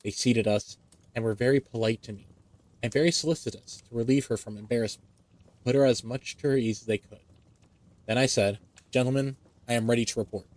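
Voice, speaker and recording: Man, storybook reading, expressive, medium pitch, dry close sound. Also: a little fast, dry recording. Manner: expressive, with occasional slips. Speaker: reader.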